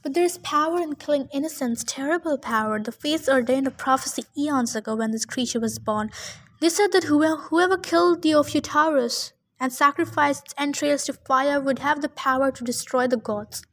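A woman's voice: sits high, normal speed, a bit bright. A woman voicing a solemn immortal huntress girl who speaks in a formal, old-fashioned way. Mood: grave, explaining.

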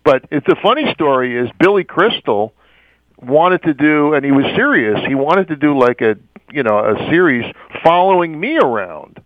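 A man telling a story in an interview, animated, acting out the voices of others and stammering as he goes. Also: a little high, moderate pace, no room sound, narrow, tinny audio. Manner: acts out quoted voices, stammers and laughs often. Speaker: interview guest.

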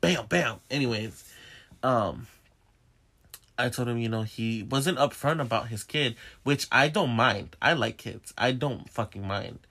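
A young man with a sharp, bright tone chats casually to his viewers. He tells his story candidly and animatedly, with plenty of cursing. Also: mid-range voice, unhurried. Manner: profane, candid and animated, talks straight to viewers. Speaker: vlogger.

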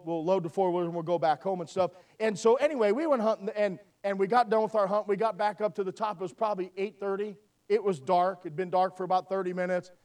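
A man's voice: high voice, darkish tone. A man preaching a sermon, telling a folksy personal story and asking for amens. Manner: folksy storytelling, asks "amen?". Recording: voice from far off the mic.

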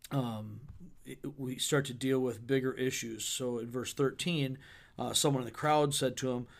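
A man who is a pastor, talking through a Bible passage in a relaxed podcast chat and reading verses aloud with playful paraphrase. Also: medium pitch, moderate pace, vocal fry. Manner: conversational, reads scripture with playful paraphrase. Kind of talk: podcast sermon discussion.

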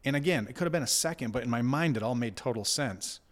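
A man in his thirties telling a personal story in casual conversation, reflective and halting, with many fillers and restarts. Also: mid-range voice, lively intonation. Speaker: guest recounting an experience.

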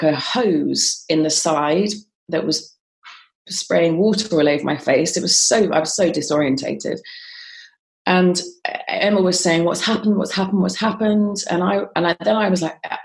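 A woman guest on a podcast telling a personal story in a halting, conversational way, with frequent ums and restarts. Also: on the low side, creaky.

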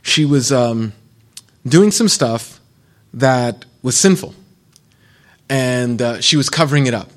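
A middle-aged man preaching at a retreat in an easygoing, conversational style. His voice sits at an ordinary mid pitch, and he moves between scripture and personal stories with a light touch of humor. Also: expressive, slow, long pauses. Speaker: pastor. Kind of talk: sermon.

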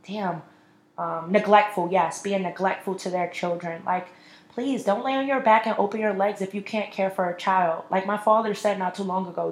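A woman in her twenties hosting a solo podcast, ranting bluntly and with lots of profanity. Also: medium pitch. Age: 20s. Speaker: podcast host. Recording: echoey room.

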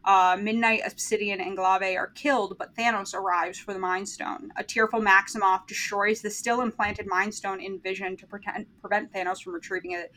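A woman's voice: mid-range voice, flat delivery, moderate pace, few pauses, sharp tone, poor audio. A woman hosting a podcast, recapping a film in casual chat, blunt and opinionated and swearing freely. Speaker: podcast host.

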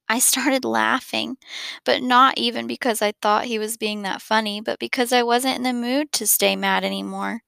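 A woman reading a children's novel aloud to her school's students, then speaking to them encouragingly. Her voice is bright and strong with a heavy gravelly fry, and the recording is close and dry. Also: fairly high pitch, fairly even intonation, normal speed, no echo. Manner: warm, encouraging.

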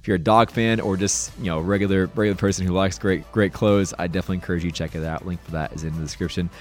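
A man's voice: low voice, steady tone, racing, faint music behind. A young man hosting a podcast, enthusiastic and upbeat, saying dude and y'all a lot. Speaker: podcast host.

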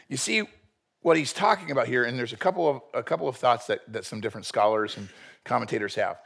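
A male pastor preaching a sermon in an animated way. He asks rhetorical questions and acts out quotes. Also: medium pitch, fast talker, creaky, husky.

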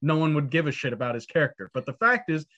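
A man's voice: a little high, sing-song, fast, pushed and bright, muffled recording. A man co-hosting a podcast who laughs often and swears casually while he talks through a film. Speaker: podcast co-host.

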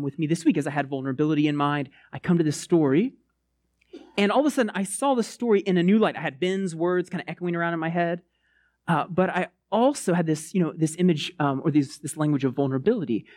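A man preaching a casual, conversational sermon, rambling and restarting with many fillers, swooping up high to stress a point. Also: dry recording, clean studio sound. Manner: animated, swoops up high for emphasis.

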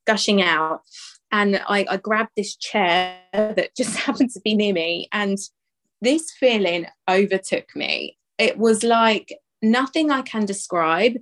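A young woman, mid-pitched, speaks calmly as she tells a personal story in a relaxed interview. Her tone is reflective, with light laughs and repeated words as she gathers her memories. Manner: calm, reflective, laughs often, repeats words while recalling. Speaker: guest telling her birth story.

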